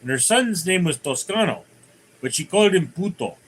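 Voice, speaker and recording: A man's voice: high voice, animated, moderate pace, a little hiss or hum, poor audio. A man hosting a casual livestream, rambling through viewer comments and telling jokes. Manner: rambling, many fillers and restarts, tells jokes. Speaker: livestream host.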